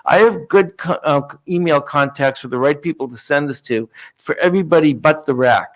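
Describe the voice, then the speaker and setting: A man's voice: on the high side, normal speed. Man, meeting presenter, polite, chatty, fillers and restarts, conference room mic. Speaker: working group presenter.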